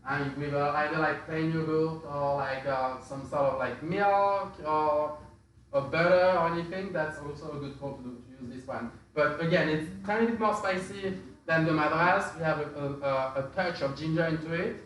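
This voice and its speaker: A man talks through spice blends in a loose, halting way, full of fillers and restarted phrases. His voice sits a little high and sounds distant, in a very echoey room with faint noise behind. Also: a bit bright. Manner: hesitant, many fillers and restarts. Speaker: spice expert presenter. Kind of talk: casual explanatory talk.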